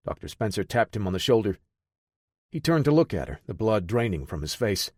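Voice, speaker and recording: A man narrating an audiobook thriller in a steady, even storytelling manner. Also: lowish voice, brisk, no room sound, clean studio sound.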